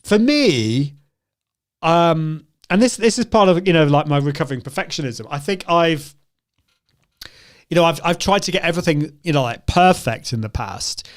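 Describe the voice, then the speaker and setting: A man's voice: fairly high pitch, expressive, normal speed. A man hosting a live video show, talking chattily to his viewers, often correcting himself and laughing. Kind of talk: live-stream talk to viewers.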